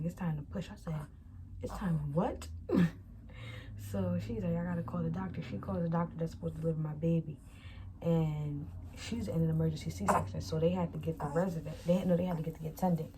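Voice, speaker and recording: A woman's voice: sits low, noisy background. A young woman vlogger telling a storytime casually and chattily, acting out what others said. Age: young adult. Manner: chatty, animated retelling that acts out quoted dialogue.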